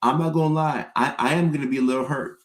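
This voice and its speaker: Animated comedian man in a roomy space. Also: medium pitch, quick pace. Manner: animated storytelling with mock-pleading impressions. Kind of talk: comedic live-stream rant. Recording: roomy echo.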